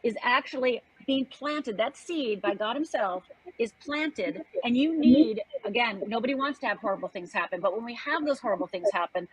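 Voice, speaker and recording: An older woman from Upper Michigan in the United States appears as a guest, telling a personal story in an earnest, emphatic way. Her voice is a little high, expressive and slightly rough at normal speed, in a low-quality recording.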